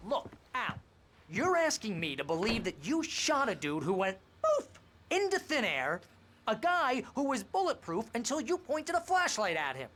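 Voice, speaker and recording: Jittery, wisecracking agent sidekick in a game; lively, complaining delivery. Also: male voice, extremely high pitch, a little hiss or hum, heavily acted. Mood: mocking. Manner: sarcastic, whiny, fast-talking worrier. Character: fretful city-boy male literary agent sidekick. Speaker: game character.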